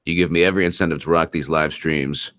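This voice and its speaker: A man's voice: extremely low pitch, fairly even intonation, fast, fairly bright tone. A man hosting a live-stream political commentary show, talking emphatically, repeating himself and answering viewers' comments. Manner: emphatic, repeats himself, reads super chats aloud.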